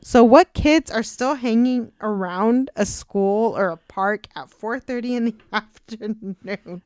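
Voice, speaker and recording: A woman guest co-host in a casual podcast chat, telling an animated, profane story with frequent laughter on a close mic. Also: on the high side, slow pace, clear, resonant tone, no room sound.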